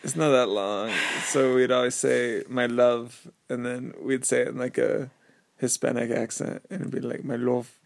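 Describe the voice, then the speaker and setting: Young man, co-host, laid-back short replies, gravelly fry in the voice. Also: medium pitch, steady tone, normal speed. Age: young adult. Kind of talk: casual chat.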